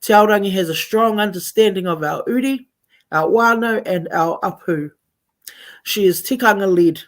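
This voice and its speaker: A woman's voice: medium pitch, normal speed. Brief: NZ woman, radio host, gushing and heartfelt, mixes Māori and English. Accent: New Zealand. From Taranaki, New Zealand. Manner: effusive, switches between Māori and English. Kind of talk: live community radio chat.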